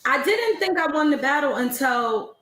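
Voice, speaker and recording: A woman battle rapper being interviewed on a video call, talking in a relaxed, unhurried way with restarts and fillers. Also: high-pitched, reverberant, low-quality recording. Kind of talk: casual interview.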